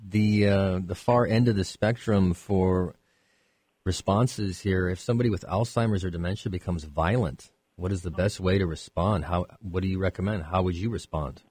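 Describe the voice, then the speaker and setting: Low-voiced guy hosting call-in radio, laid back, dry studio sound. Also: normal speed, a little mellow, breathy edge, no room sound. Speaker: radio host.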